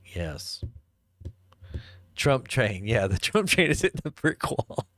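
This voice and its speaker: A man's voice: medium pitch, big pitch swings, slow pace, fairly bright tone, no echo, clean studio sound. Rambling chuckling male stream host. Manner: rambling, chuckling, jokey asides. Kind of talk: casual live commentary answering chat.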